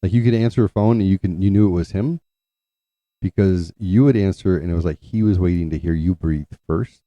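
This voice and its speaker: A man telling a long personal story in a casual, rambling way, often restarting and clearing his throat. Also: deep voice, brisk, mellow, no echo. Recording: dull lo-fi sound.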